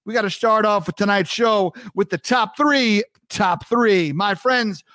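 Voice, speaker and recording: A man's voice: high-pitched, unhurried, fairly bright tone, dry recording, clean studio sound. A man from New York hosting a podcast in a casual chat monologue, upbeat and joking, often repeating himself. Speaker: podcast host.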